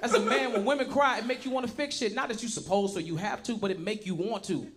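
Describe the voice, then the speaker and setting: A man doing a profane, animated stand-up comedy set, acting out voices as he tells stories. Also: high-pitched, quick pace. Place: comedy club stage before a live audience. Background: audience laughter.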